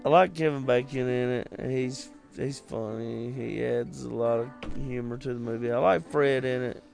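A man's voice: medium pitch, fairly even intonation, moderate pace, gravelly, darkish tone, faint music behind. A man in casual movie chat as a podcast co-host, laid-back and asking questions.

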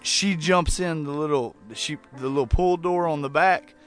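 Guy on a podcast, kinda high voice, swears a ton, acts out movie bits, faint music behind. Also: moderate pace. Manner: animated, swears a lot, acts out scenes in voices. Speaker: podcast co-host. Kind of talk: casual movie chat.

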